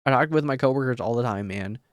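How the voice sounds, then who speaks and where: Excitable swearing male streamer. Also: mid-range voice, fast talker, dry recording, studio quality. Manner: excitable, rambling, heavy swearing. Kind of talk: casual live-stream chat. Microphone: desk mic on a mic arm.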